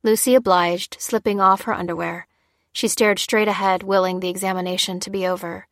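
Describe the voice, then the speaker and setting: A woman reading a story aloud in steady, even scripted narration. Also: medium pitch, a little fast, dry recording, studio quality. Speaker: audiobook narrator.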